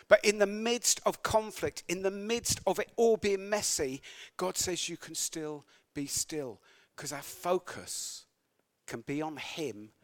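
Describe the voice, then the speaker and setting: Man, preacher, sermon, slightly high voice, conversational, wry asides. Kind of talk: sermon with scripture reading.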